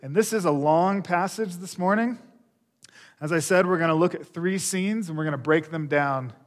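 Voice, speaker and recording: A man's voice: high voice, moderate pace. A male pastor preaching a sermon, speaking earnestly and addressing the congregation directly as friends. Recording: long reverb of a large hall.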